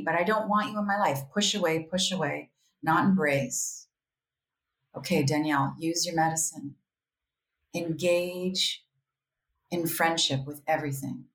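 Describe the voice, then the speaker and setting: A woman's voice: lowish voice, unhurried. A woman talking as a podcast guest, candid and reflective, often quoting her own inner voice. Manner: candid, reflective, animated, with quoted self-talk. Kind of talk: casual interview conversation. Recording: roomy echo.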